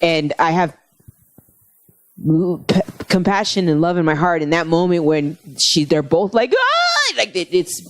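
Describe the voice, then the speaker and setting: A woman comedian chatting casually on a podcast, telling stories in an animated, rambling way and swearing freely. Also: fairly low pitch, unhurried. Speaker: guest comedian.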